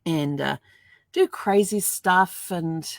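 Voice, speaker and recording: A woman's voice: fairly low pitch, takes it slowly, creaky, no echo. An older woman chatting casually to camera at home, laughing often and acting out little dialogues as she tells stories. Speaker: vlogger. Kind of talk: casual storytelling vlog.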